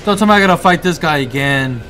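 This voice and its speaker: A young man giving excitable let's-play commentary, swearing, laughing and talking back to the game as he plays. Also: on the high side, fast talker, slight background noise. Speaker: gamer playing through a video game.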